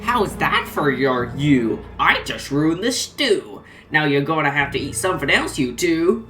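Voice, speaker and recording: A woman putting on a slow, taunting toy potato man. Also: medium pitch, very animated, over music.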